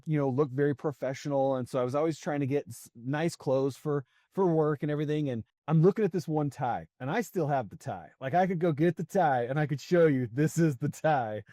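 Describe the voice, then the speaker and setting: A man's voice: fairly high pitch, dark tone, dry recording, clean studio sound. A man in his forties, a podcast guest, telling a story in a chatty way, laughing often and using lots of fillers. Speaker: podcast guest, sales coach. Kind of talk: casual storytelling conversation.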